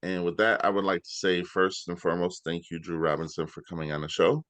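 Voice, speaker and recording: Low-voiced man hosting a casual show. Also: fairly quick, no echo. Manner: relaxed, uses filler like "you know". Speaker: podcast host. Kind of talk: casual interview chat.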